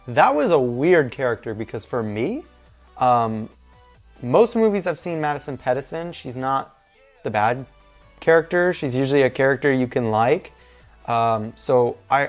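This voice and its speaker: Young man giving a rambling review. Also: mid-range voice. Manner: rambling and informal. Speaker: movie reviewer. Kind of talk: casual spoken review.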